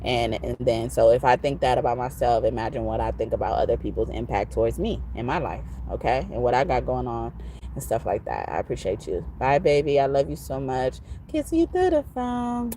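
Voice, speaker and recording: A woman's voice: very deep voice, a little hiss or hum. A woman who gives spiritual readings, signing off in a rambling, affectionate casual talk, often ending lines with "okay?" and laughing. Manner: breaks into soft, slow crooning singing. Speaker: tarot reader. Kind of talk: casual spiritual sign-off monologue.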